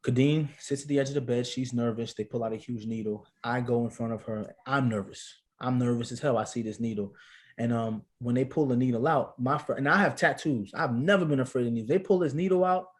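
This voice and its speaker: A man speaks as a podcast guest, telling a personal story with lively, slangy energy. His voice sits at an ordinary middle pitch. The tone stays conversational and relaxed. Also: a little fast. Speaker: podcast guest, father and actor. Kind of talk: casual storytelling.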